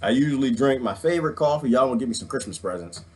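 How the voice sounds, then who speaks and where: A man, ranting in an excitable, jokey, preachy way on a livestream, wired on coffee, swinging from loud to hushed. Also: mid-range voice, fast. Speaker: vlogger reading live comments. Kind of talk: animated livestream rant.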